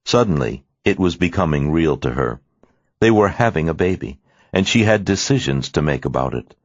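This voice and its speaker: Deep-voiced male audiobook narrator. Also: normal speed, no room sound. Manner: expressive storytelling. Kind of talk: scripted narration. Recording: dry, slightly muffled studio read.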